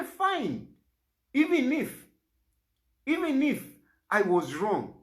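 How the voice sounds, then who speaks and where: A middle-aged Zambian man speaks with urgent, pleading force. His pitch climbs and drops widely from phrase to phrase as he presses his point. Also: a bit bright. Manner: pleading, rises and falls sharply in pitch. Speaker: opposition party leader. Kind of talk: impassioned public statement.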